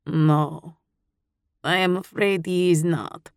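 A calm Russian man with a very low voice, put on by a woman narrator, speaking slow, halting broken English in an audiobook. His heavy Russian accent stays steady and caring. The recording is dry and close. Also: smooth, dry recording.

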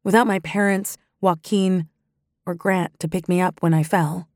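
A woman narrating a first-person audiobook in a measured, even storytelling manner. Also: lowish voice, no room sound, studio quality.

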